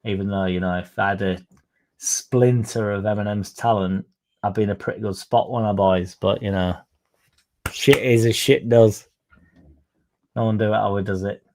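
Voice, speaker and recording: A man's voice: on the low side, fairly even intonation, moderate pace, pauses often, a little mellow. A young man hosting a football fan livestream, chatting sarcastically and reading out viewer comments. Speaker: fan channel host.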